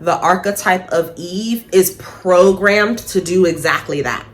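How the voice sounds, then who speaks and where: A woman talking casually and bluntly to camera, swearing freely, laughing at her own points and slowing down for emphasis. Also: on the low side, slight background noise. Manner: slows down for emphasis. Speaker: spiritual vlogger. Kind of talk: casual opinion monologue.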